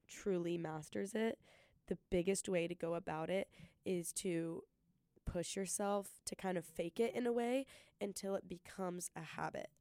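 A young woman hosting a solo podcast, giving an earnest, excited pep talk and talking fast. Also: medium pitch, no room sound, clean studio sound. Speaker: podcast host.

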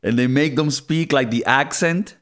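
A man co-hosting a casual movie review podcast, talking in an animated way with swearing and mock voices. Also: mid-range voice, moderate pace. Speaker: podcast co-host.

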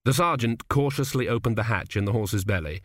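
A man reading an audiobook aloud in a measured, wry storytelling manner. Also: medium pitch, lively intonation, a bit bright, dry recording, clean studio sound. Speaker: audiobook narrator. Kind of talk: scripted narration.

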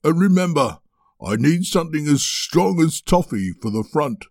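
A man voicing an urgent old grandfather shouting from far away. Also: a little high, very animated, normal speed, dry recording, studio quality, voice pushed up.

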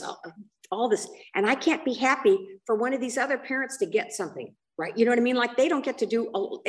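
A middle-aged woman telling her personal recovery story at a meeting, chatty and lively, tossing in "you know" and "right?" all the time. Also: on the low side, vocal fry. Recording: voice picked up from a distant mic.

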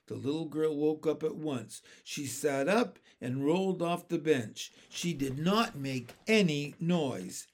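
A man reading a children's chapter book aloud in a gentle storytelling manner. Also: on the high side, expressive, takes it slowly, hardly any pauses. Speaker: narrator. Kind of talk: audiobook narration of a children's book.

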